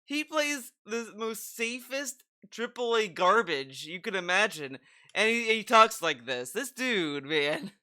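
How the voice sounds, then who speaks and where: A man's voice: sits high, big pitch swings, takes it slowly, bright, forceful tone, clear, resonant tone. A man streaming, reacting to a video with incredulous, mocking casual commentary and swearing.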